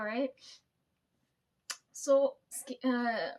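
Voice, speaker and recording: A woman's voice: high-pitched, fairly even intonation, normal speed. A woman telling workplace stories in a casual storytime chat, laughing often and swearing freely.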